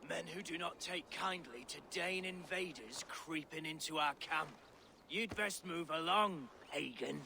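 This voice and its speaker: A man's voice: a little high, measured pace, bright, forceful tone, full character voice. A man with an English accent voicing a hostile, ragged camp leader in a video game, sneering and threatening. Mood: menacing. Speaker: game character. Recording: game audio with clear noise.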